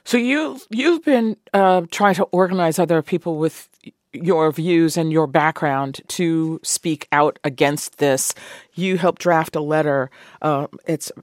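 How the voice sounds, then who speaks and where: A woman's voice: low voice, steady tone, a little mellow, no room sound. Woman radio host, dry close sound. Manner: measured, probing questions. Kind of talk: news interview.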